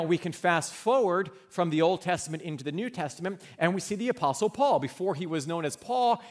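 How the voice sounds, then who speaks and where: A man preaching a sermon as pastor, earnest and conversational, often repeating himself as he builds a point. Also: fairly high pitch.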